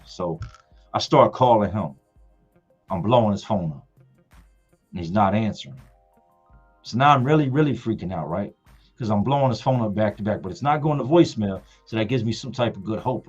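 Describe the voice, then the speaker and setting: A man in his forties, hosting a livestream, telling a personal story in a casual, emphatic, animated way. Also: on the low side, husky. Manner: emphatic, animated retelling with colloquial speech. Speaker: livestream host. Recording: muffled audio with faint music.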